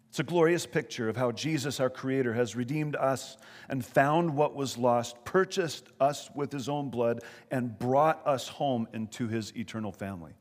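A male pastor delivers a sermon in an earnest storytelling manner, lifting his voice for emphasis. His voice sits at an ordinary middle pitch. The sound carries a long reverb tail from a large hall.

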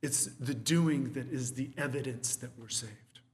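A man's voice: mid-range voice, a little slow, long reverb tail. A man teaching verse by verse through a Bible letter in an emphatic sermon style, often checking in with "okay?". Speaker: preacher.

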